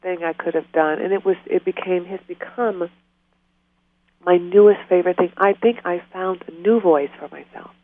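A woman's voice: lowish voice, normal speed, no room sound. A woman speaking as an author and interview guest, talking earnestly and from the heart. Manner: earnest, heartfelt, prone to tears and laughter. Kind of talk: emotional interview conversation. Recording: tinny phone line.

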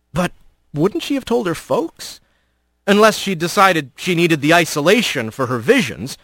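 A man narrating a storybook in an expressive, storytelling way. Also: on the high side, dry recording. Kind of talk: audiobook narration.

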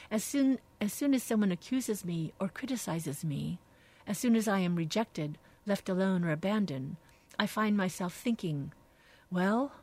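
A woman radio host reading aloud from a devotional book in a slow, reflective, soft-spoken way, dropping now and then into hushed phrases. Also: mid-range voice.

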